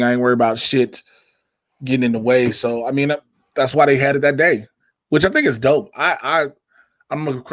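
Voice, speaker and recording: A man's voice: medium pitch, no room sound. A young man with a Chicago accent, a podcast host chatting casually over a video call, laughing and swearing as he tells stories. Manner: profane, laughing, animated storytelling. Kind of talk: casual chat.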